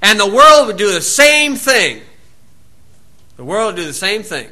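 High-voiced and sing-song, the preacher goes a little slow, his tone bright and forceful. He reads from the Bible and breaks in with sarcastic, folksy commentary throughout his sermon.

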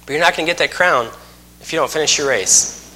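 A man in his thirties preaches in a lively, storytelling way, acting out little scenes with humor. His voice is fairly high and bright. It rings out with a long echo from the hall around him. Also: fast. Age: 30s. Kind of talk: sermon.

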